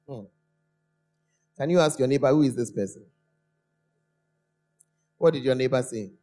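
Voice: mid-range voice, unhurried, pauses often, dark tone, faint music behind. A preacher giving a sermon in a church, stretching key words and putting questions to the congregation.

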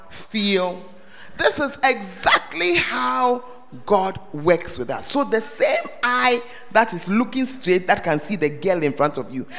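Preaching a sermon in a church service hall, a man speaks in a sharp, very high voice that swoops up and down, questioning his congregation directly and bursting into sudden shouts. The large hall gives his voice a long echo, with a slight hiss or hum present.

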